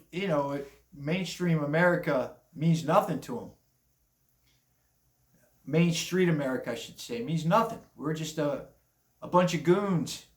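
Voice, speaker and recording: An older man giving a rambling, blunt opinion monologue on the day's news, with chuckling asides. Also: a little high. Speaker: commentary vlogger. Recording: echoey room.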